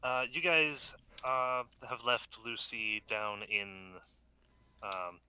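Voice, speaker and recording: A man narrating as game master over a video call, unhurried and halting with many fillers. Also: mid-range voice, expressive, sharp tone, clean tone.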